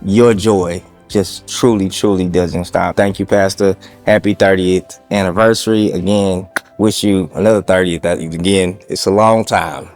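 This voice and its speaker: A man giving a heartfelt spoken tribute to his pastor, sincere and a little halting with many ums. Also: sits low, fairly even intonation, darkish tone, faint music behind. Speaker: church member giving a tribute.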